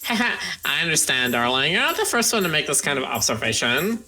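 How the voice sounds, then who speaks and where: A woman's voice: low-pitched, very animated, brisk, bright, forceful tone, soft background music, heavily acted, rough recording. A woman voicing a sweet-talking village pharmacist. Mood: warm, chatty. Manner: affectionate, calls others darling and hon. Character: friendly motherly woman pharmacist. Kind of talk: reading game dialogue aloud on a live stream.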